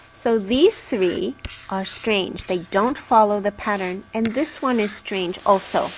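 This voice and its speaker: A woman teaching a language lesson at an unhurried, deliberate pace. She pronounces each syllable cleanly and patiently, pausing to check that the learner follows, in a mid-pitched voice. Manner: patient, clearly enunciating syllables. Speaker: Japanese teacher.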